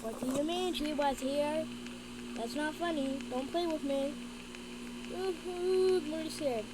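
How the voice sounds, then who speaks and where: A young woman gaming video creator commentates casually on a game in an unhurried, high-pitched voice. She's jumpy and frightened and often repeats herself, with loud background noise in the recording.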